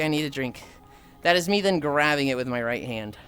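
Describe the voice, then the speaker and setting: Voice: mid-range voice, expressive, fairly quick, a bit bright, clear, resonant tone. A streamer chatting casually with viewers while walking on a treadmill, tired from the long walk, exasperated and sighing often. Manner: exasperated, sighing often, reading and answering chat. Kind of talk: casual live-stream chat.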